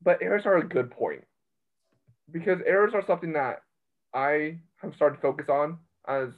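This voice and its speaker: A man with a slightly high voice talks through a tinny, phone-like line. He rambles excitably about the game and often breaks off mid-thought. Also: normal speed. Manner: rambling, excitable, self-interrupting. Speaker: college baseball podcast host. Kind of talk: casual sports chat.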